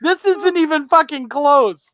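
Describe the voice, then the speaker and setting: A man's voice: very high-pitched, measured pace, fairly bright tone. A man hosting a podcast over a video call, chatting casually, telling stories and swearing freely. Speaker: podcast host. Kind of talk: casual chat. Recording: dull lo-fi, dry sound.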